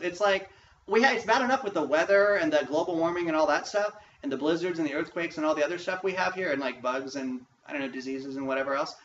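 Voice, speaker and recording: A man's voice: on the high side, quick pace, a bit bright. Profane ranting man, echoey room. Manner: frustrated, profane, emphatic ranting. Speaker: vlogger. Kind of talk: ranting vlog monologue. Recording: echoey room, distant mic, dull faint hiss.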